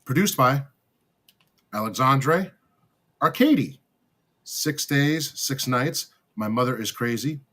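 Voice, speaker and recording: Slow, bright-voiced man reading credits. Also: medium pitch, lively intonation, slightly rough. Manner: slow deliberate reading, stumbles on names. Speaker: podcast co-host. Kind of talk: casual chat, reading film credits aloud.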